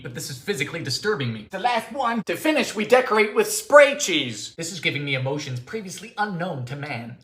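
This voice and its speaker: A man hosting a baking video, narrating in a theatrical, sardonic way with sudden high-pitched exclamations, in a home kitchen. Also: pushed and bright. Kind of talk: comedic cooking narration. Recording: echoey room sound.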